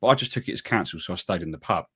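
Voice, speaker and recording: A man tells a rambling story, his husky voice leaping up in pitch whenever he acts out a scene. He talks in a casual podcast chat and plays every part himself. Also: rapid-fire. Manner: animated storyteller, acts out quotes with big pitch jumps. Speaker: podcast co-host.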